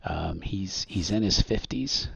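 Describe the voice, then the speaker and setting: A man narrating a tabletop game as game master in a relaxed, hesitant way. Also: low voice, slow pace, creaky, slightly rough, no echo. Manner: relaxed, hesitant with many ums. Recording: dull, dry muffled audio.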